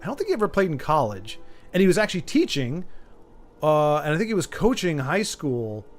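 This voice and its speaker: Male game streamer, somewhat high-pitched, jokey and rambling, faint game music underneath. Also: wildly swooping pitch, brisk. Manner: joking, rambling chat with viewers. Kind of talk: casual gaming commentary.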